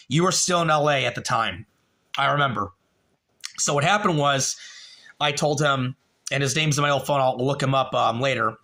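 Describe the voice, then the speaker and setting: A man talking casually on a live stream, rambling and halting with many fillers, and growing emotional about a dead relative. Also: fairly high pitch, bright, forceful tone. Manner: rambling, repeats a friend's name, halting with fillers.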